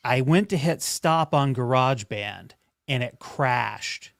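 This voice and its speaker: A man's voice: medium pitch, animated, slow, creaky, dry recording, studio quality. A man hosting a podcast, chatting casually and laughing along with his guest. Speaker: podcast host.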